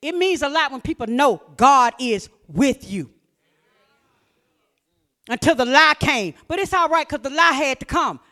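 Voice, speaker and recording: A woman preaching a fervent sermon, repeating phrases and often shouting. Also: high-pitched, animated, a little slow, long pauses.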